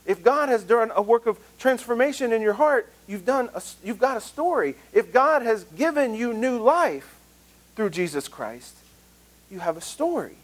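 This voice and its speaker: A man's voice: very high voice, big pitch swings, moderate pace, low-quality recording. A male pastor with a Southern US accent preaching a conversational sermon, earnest and self-deprecating.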